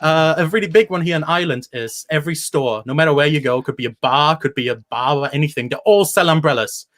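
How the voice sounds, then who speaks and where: A man's voice: on the high side, fast talker. Guy doing dry stand-up. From Germany. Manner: dry, deadpan jokes with filler ums. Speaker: stand-up comedian. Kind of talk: stand-up set and casual chat.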